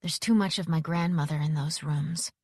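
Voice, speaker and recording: A woman narrating a first-person audiobook, expressive and giving each character a voice. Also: deep voice, normal speed, no room sound, clean studio sound.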